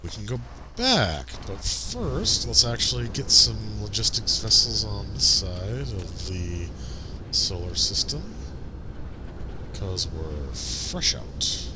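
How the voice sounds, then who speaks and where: A man's voice: lowish voice, sing-song, slow pace, noisy background. A man streaming a game, chatting casually and muttering to himself as he plays. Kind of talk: casual gameplay commentary.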